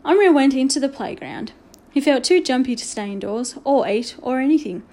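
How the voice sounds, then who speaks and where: Woman narrator, storybook reading, mellow tone, slightly high voice, expressive. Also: normal speed. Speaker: audiobook reader.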